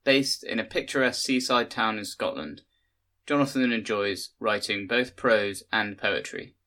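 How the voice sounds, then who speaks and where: A man reading a short story aloud for a podcast, in measured, literary narration. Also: lowish voice, bright, forceful tone. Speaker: podcast reader.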